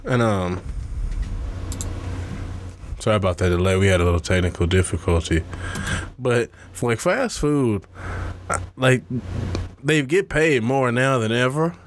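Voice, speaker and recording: A man's voice: mid-range voice, measured pace, long pauses, a little hiss or hum. A young man co-hosting a podcast, telling rambling slangy stories in casual chat and laughing often. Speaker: podcast co-host.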